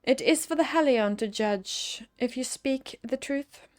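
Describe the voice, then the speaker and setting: A woman's voice: high voice, unhurried. A woman voicing a cold, stern male inquisitor in a fantasy game, solemn and accusing.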